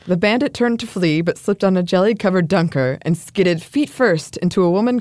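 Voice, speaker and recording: A woman's voice: on the low side, fairly quick, hardly any pauses, a little mellow, no room sound. A woman co-hosting a podcast, reading out facts and quotes in a dry, easy manner. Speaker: podcast co-host. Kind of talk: casual chat reading facts.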